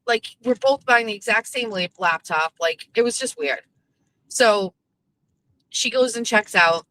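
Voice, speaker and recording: A woman's voice: fairly high pitch, sharp tone, rough recording. A woman, hosting her show and telling a casual, profane story, quoting the people in it. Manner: chatty and profane, quoting others in quick back-and-forth. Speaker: host.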